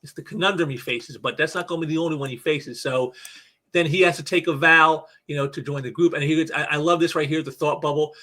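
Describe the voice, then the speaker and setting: A man's voice: on the high side, fairly even intonation, fast, sharp tone. A man hosting a casual comic book review, rambling with many fillers and restarts and reading comic dialogue aloud. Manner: reads comic dialogue aloud in a lightly acted voice.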